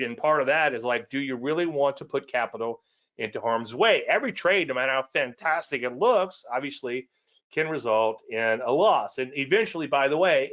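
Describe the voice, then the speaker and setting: A man's voice: medium pitch, fairly bright tone, muffled recording. A man hosting a market show, teaching casually in a rambling, conversational way with self-deprecating asides and repeated points. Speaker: trading educator and show host.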